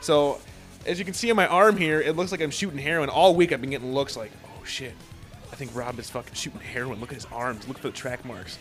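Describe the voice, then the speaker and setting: A man's voice: medium pitch, quick pace, faint music behind. A young man telling a long story in casual chat, swearing often and acting out what others said. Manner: profane, animated storytelling with acted-out quotes.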